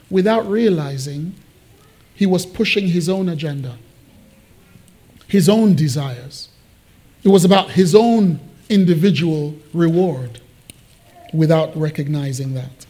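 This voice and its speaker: A man preaching a sermon, explaining Bible verses and acting out the quotes with lively swings in his voice. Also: measured pace, long pauses. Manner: animated, acts out Bible quotes with big pitch swings. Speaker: pastor. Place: church hall.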